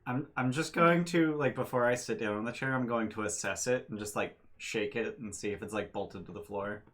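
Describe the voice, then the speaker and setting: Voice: medium pitch, brisk, fairly bright tone. A tabletop player chatting casually and hesitantly, with many likes. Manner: hesitant, filler-heavy talk. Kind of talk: casual chat around a tabletop game.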